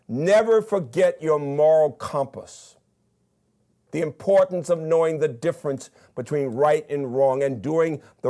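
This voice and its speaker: An older Southern man delivers a commencement address with eager emphasis. His voice sits a little high for a man, and he ticks off his points one by one. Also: warm tone. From Birmingham, Alabama. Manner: emphatic, enthusiastic, counts off points. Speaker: commencement speaker, university president.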